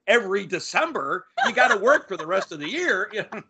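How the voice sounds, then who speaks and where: A man's voice: sits high, brisk, husky. A man chatting casually as a podcast host, recapping a TV episode and acting out lines from it. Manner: animated, acts out quoted lines.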